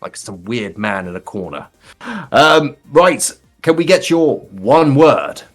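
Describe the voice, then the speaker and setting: A man's voice: medium pitch, animated, slow pace, soft background music. A man hosting a live gaming race stream, bantering playfully and theatrically and calling his guests sir.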